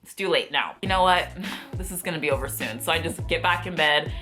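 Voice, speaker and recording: A woman's voice: deep voice, quick pace, faint music behind. A young woman vlogger telling a story in a casual, exasperated way, full of "like" and replayed quotes. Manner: exasperated, animated, heavy use of "like".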